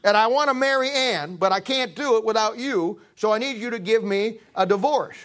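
A man's voice: high-pitched, normal speed, fairly bright tone. A man voicing a brash, lovesick king who begs in casual slang. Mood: pleading. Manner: pleading, casual slangy talk.

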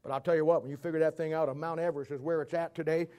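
A man preaching a sermon in a folksy storytelling way, acting out little dialogues and swinging between loud and soft. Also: fairly high pitch, fairly even intonation, very fast.

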